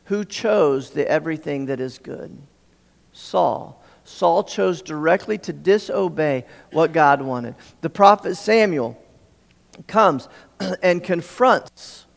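Male preacher, earnest retelling with restarts, high gravelly voice, long hall echo. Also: expressive, takes it slowly. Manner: earnest storytelling with frequent restarts. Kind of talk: sermon.

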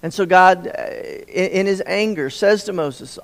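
A man's voice: sits high, unhurried, hardly any pauses. Stammering preacher man in a reverberant hall. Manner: stammering, repeats words, acts out quoted dialogue. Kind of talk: sermon.

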